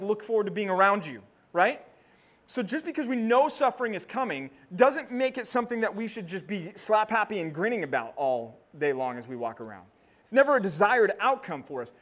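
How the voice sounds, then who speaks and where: A pastor with a rather high male voice delivers his sermon in an animated way. He talks to the congregation directly, and when he reaches the rousing quotes his voice climbs and gets loud. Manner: animated preaching, voice rising to near shouting when quoting.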